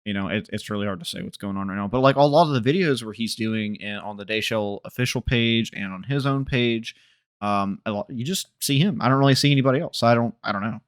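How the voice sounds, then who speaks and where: A man's voice: lowish voice, quick pace, clean tone, no echo, clean studio sound. A man co-hosting a podcast, chatting casually about music in a loose, rambling way as he thinks aloud. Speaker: podcast co-host.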